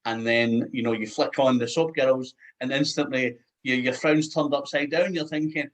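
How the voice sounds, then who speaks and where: A man's voice: mid-range voice, fairly even intonation, moderate pace, low-quality recording. A man with a Scottish accent interviewing guests in a casual chat, rambling with lots of "you know" and restarts.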